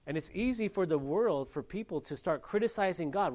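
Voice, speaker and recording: A man preaching a sermon with a slightly raised pitch. His delivery is animated and folksy. He keeps moving between loud, emphatic rises and low, quiet asides. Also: a little fast, few pauses. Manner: plain-spoken, folksy.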